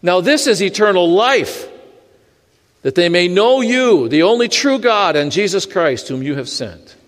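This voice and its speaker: High-voiced man preaching in a reverberant hall. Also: a little slow. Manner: animated preaching with dry humor. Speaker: pastor. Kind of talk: sermon.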